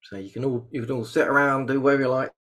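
A man hosting a webinar over a video call, chatty and joking, with sudden bursts of excitement. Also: mid-range voice, rapid-fire. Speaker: host. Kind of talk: casual webinar chat.

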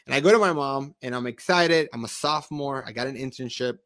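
A man's voice: medium pitch, a little fast, fairly bright tone. Earnest male interview host. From Spanish-speaking country. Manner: earnest, repeats words when starting thoughts. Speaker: podcast host. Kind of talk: conversational interview.

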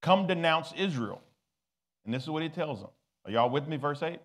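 Male pastor, high voice, call-and-response sermon to a congregation. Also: lively intonation, normal speed. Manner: preaching, rising to loud exhortation, calling for responses.

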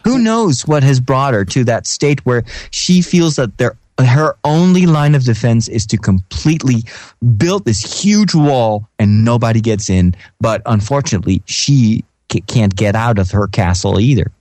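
A man's voice: medium pitch, expressive, moderate pace, darkish tone, no room sound. A man co-hosting a podcast, speaking reflectively and hesitantly, with stammers. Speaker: podcast co-host. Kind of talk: casual podcast chat.

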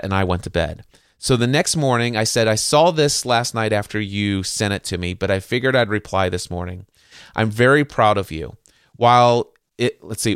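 A man's voice: lowish voice, clear, resonant tone, no echo, studio quality. A middle-aged man hosting a podcast, earnestly telling a personal story and often repeating words as he starts a sentence. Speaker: podcast host.

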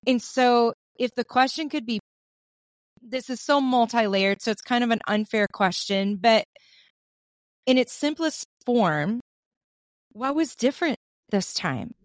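A woman's voice: a little high, lively intonation, measured pace, pauses often, no room sound. A woman co-hosting a podcast, asking a long, winding question in a chatty way. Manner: warm, chatty, asks long framing questions. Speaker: podcast co-host. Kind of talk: casual interview.

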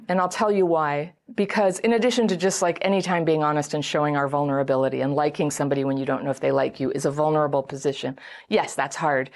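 A middle-aged woman hosting a self-help video, talking casually to camera, acting out quoted voices and laughing often. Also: fairly low pitch. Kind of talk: casual advice talk to camera.

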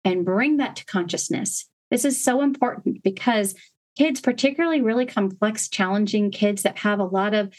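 A woman hosts a parenting podcast, walking listeners through each step with earnest, gentle emphasis. Her voice sits at an ordinary middle pitch for a woman, and she explains patiently, one point at a time. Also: moderate pace. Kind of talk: instructional podcast talk.

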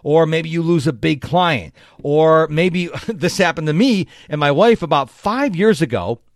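A man's voice: a little high, lively intonation, unhurried, no echo, studio quality. A man hosting a solo podcast, talking straight to his listeners in a chatty, self-correcting way. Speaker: podcast host. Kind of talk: solo motivational podcast monologue.

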